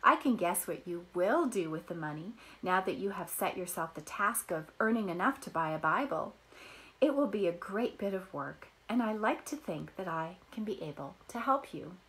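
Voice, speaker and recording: A woman voicing a kind, hearty farm woman with a motherly, firm but gentle way of talking. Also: fairly low pitch, lively intonation, normal speed, poor audio. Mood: kindly.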